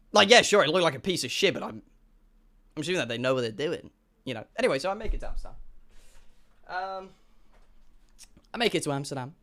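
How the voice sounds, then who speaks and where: A young man, a streamer telling an animated, sweary storytime to his chat and acting out the dialogue. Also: fairly high pitch. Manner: excitable, swearing, acts out dialogue.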